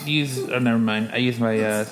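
A man's voice: mid-range voice, brisk, slight background noise. A man playing in a tabletop game, casual and jokey, calling out his rolls. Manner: lively, jokey, laughs loudly. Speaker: player.

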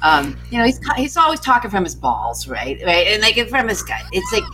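A woman guest gives political commentary in a bright, sharp voice. Her pitch swings widely as she talks vividly and animatedly. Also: huge pitch swings, fairly quick, soft background music, rough recording. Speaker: panel guest.

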